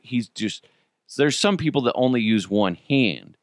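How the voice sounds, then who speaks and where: Animated and a little slow, this man speaks at medium pitch while hosting a podcast. He laughs a lot and tells stories in a casual, profane way, recorded cleanly in studio quality without echo.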